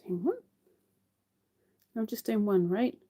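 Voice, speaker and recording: Slow, mellow-voiced woman chatting while crocheting. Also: mid-range voice, husky. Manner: chatty, talks to viewers while counting stitches. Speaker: crafter hosting a live crochet stream. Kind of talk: casual chat while crocheting.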